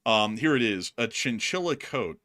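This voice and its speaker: A man's voice: mid-range voice, animated, normal speed, pushed and bright. A man co-hosting a casual livestream, joking, laughing often and reading out updates. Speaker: co-host.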